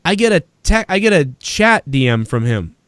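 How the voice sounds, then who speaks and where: Male podcast host, casual profane storytelling, rambling, smooth resonant voice. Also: a little high, sing-song, normal speed, a bit bright, no room sound, studio quality. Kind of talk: casual chat.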